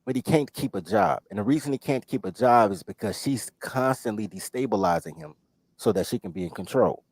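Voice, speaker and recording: A man telling a story on a podcast in casual chat, animated and profane, loudly quoting himself. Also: medium pitch, fairly quick, vocal fry, no room sound. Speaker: podcast host.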